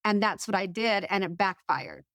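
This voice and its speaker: A woman's voice: medium pitch, expressive, moderate pace, a bit bright, dry recording, clean studio sound. A woman talking as an interview guest, telling personal stories in a chatty way with frequent restarts and fillers. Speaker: guest, author. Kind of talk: casual conversational interview.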